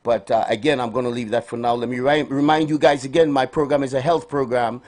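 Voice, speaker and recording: A man's voice: medium pitch, fairly even intonation, fast talker, a little mellow. A man hosting a live morning radio health show, calling out cheerful greetings and giving preachy asides. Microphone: studio microphone.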